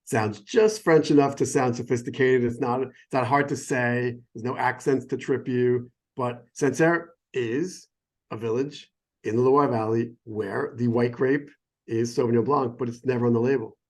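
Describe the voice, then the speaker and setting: A middle-aged American man works as a sommelier and talks in a relaxed, enthusiastic way. He rambles and keeps breaking off his own sentences. His voice sits in an ordinary middle pitch. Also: normal speed. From United States. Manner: enthusiastic, digressive, self-interrupting. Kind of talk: casual explanatory chat. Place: phone or remote call.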